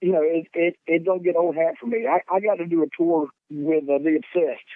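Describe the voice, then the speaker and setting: Southern man, guest on a call, high-pitched and animated, dry tinny phone sound. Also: a little fast, no room sound. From North Carolina. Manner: animated, profane, laughs mid-story. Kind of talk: casual storytelling.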